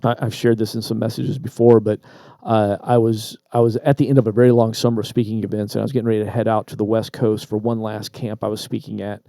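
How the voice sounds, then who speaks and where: A man co-hosting a podcast, casually telling a personal story with lively asides and repeated words. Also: lowish voice, fast, vocal fry, no room sound, studio quality. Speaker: podcast co-host. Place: Traverse City, Michigan.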